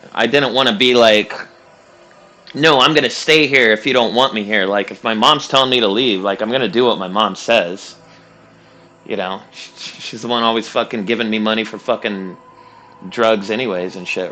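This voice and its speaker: A man's voice: fairly low pitch, bright, forceful tone. A young man streaming a game, telling a long story casually, rambling and swearing with lots of fillers and laughs. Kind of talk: casual storytelling while gaming.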